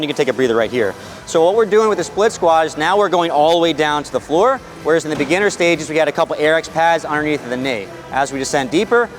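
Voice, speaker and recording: Fast-talking man coaching knee exercises. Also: a little high. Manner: energetic, coaching a demo patient. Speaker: physical therapist. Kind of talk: exercise instruction.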